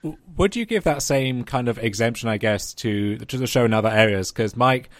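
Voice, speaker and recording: A man's voice: mid-range voice, normal speed, dry recording. A man hosting a podcast discussion, asking long questions with many hesitant "uh" fillers. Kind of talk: casual discussion.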